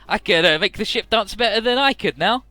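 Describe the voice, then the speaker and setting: A chipper male captain who lives as a brain in a jar, as a narrator puts him on for a let's play. He sounds bright and perky, pitched well above the narrator's own voice and pushed louder, with quick bouncing intonation. Faint game music sits behind him. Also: lively intonation, no room sound. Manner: jokey, chipper, pleased with himself.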